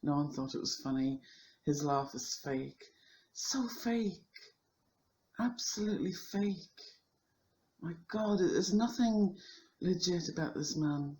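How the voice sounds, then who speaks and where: A woman's voice: low-pitched, measured pace, darkish tone, slight background noise. A middle-aged woman giving critical commentary on a video clip, in an indignant and dismissive way.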